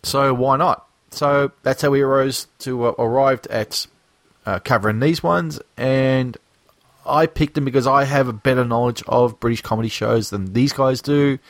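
An Australian man co-hosts a podcast in a loose, rambling chat full of fillers and jokes. His voice sits at an ordinary middle pitch. The recording is dry and close, with no room sound. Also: normal speed, no echo. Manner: rambling, filler-heavy, joking. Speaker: podcast co-host. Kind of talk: casual chat.

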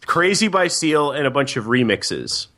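A man's voice: medium pitch, big pitch swings, moderate pace, bright, forceful tone. A man co-hosting a podcast in casual chat, telling rambling anecdotes with frequent laughter. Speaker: podcast co-host.

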